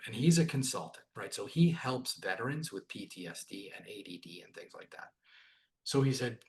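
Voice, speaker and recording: A man, a sales trainer guest on a podcast, telling stories in a casual, animated way and acting out the dialogue. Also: on the low side, quick pace. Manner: animated, acts out quoted dialogue, repeats "right?". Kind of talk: casual interview storytelling.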